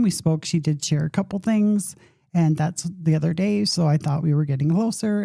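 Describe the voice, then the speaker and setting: Middle-aged woman podcast host with a husky, fry-heavy low voice; candid, rambling storyteller. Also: warm tone, no echo, studio quality. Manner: conversational, rambling, with self-deprecating humor.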